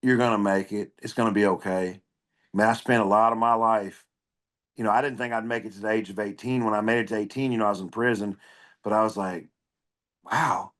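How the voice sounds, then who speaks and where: A man's voice: lowish voice, fairly quick. A man, a comedian, talking as a podcast guest, telling blunt, profane stories in casual conversation. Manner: blunt, profane, animated storyteller. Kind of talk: casual storytelling interview.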